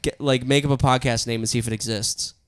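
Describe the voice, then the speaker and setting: Young American man, podcast co-host, smooth clear voice, dry close sound, crude jokes. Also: medium pitch, steady tone, fast talker, dry recording. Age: 20s. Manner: joking, profane, trades silly put-on voices. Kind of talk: casual comedic chat.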